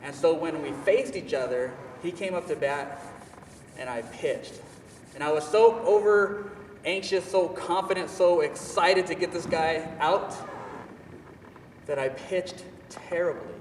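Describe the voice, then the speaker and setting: A fairly high-voiced young man tells a story in a lively, self-mocking way, leaning hard on his words. He sounds set back from the mic in a large echoey hall, with a faint hum of the room behind him. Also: measured pace, far from the mic. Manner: animated, self-mocking, emphatic. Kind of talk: personal storytelling talk.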